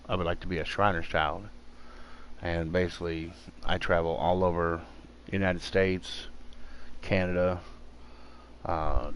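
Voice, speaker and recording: A man's voice: sits low, fairly bright tone, slight background noise. A man chatting casually while playing a game at home, rambling with many fillers and restarts. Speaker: gaming streamer. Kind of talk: casual chat while gaming. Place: home room.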